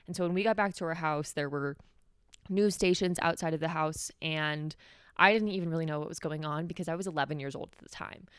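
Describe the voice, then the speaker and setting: With a deep, clean voice at a fairly quick pace, this young New Mexico podcast host talks through a personal story alone on her show. The studio sound is clean without room sound, and her candid, casual speech is full of "like."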